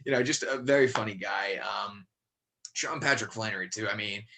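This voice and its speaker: This Connecticut man's lowish voice sounds pushed and bright as he talks at a moderate pace as a podcast guest. His casual chat about acting and horror movies meanders, with many fillers and false starts.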